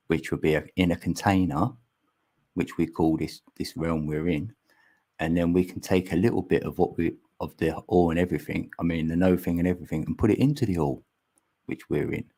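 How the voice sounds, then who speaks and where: Husky low-voiced man, chatty. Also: darkish tone. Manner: chatty, laughs often, rambling musings. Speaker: livestream host. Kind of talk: casual chat with viewers. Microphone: mic on an arm extension.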